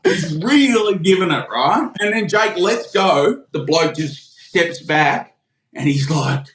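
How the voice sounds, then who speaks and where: Laughing Australian caller on an echoey line. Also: male voice, fairly high pitch, animated, takes it slowly, a bit bright. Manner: laughing, swearing, acts out voices in his yarn. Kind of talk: casual storytelling. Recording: echoey call-in line with faint noise.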